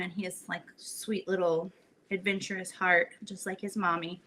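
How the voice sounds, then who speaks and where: A woman's voice: on the low side, fairly even intonation, normal speed, pushed and bright, a little hiss or hum. A woman hosting a home cooking show, chatting animatedly as she tells a story in her kitchen.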